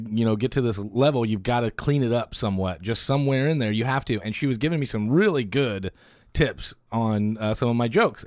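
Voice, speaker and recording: A man's voice: medium pitch, no echo. Podcast host guy, stand-up comic, rambly and laughing a lot, dry close mic. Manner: excitable, laughs often, rambling with fillers. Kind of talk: casual podcast chat. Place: indoor podcast room. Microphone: studio mic, also on camera.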